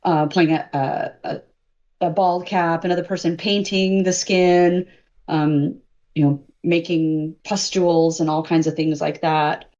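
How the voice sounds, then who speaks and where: A woman's voice: low-pitched, steady tone, measured pace, a little mellow, highs cut off. A woman, a makeup and effects artist, talking in a casual interview, hesitant and full of "um"s. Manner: hesitant, many "um"s and restarts.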